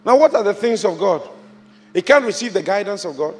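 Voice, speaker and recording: A man from Ghana preaching a sermon as a bishop, swinging from quiet reflection to shouted exhortation with repeated rhetorical questions. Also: sits high, lively intonation, fairly quick. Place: large church auditorium. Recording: large church hall with long reverb, music behind.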